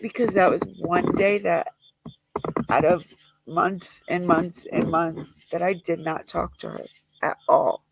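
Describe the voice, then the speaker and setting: A grieving livestreamer who talks in a halting, rambling way, with many fillers and restarts, recorded on a close mic. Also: mid-range voice, level tone, creaky, a little hiss or hum, rough recording. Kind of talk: emotional memorial livestream talk.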